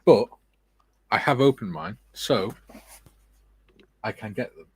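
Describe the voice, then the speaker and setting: Speaking slowly in a fairly low, animated voice with a breathy edge, a middle-aged scale modeller hosts a relaxed livestream. Viewer comments get read aloud amid jokey banter with his friends.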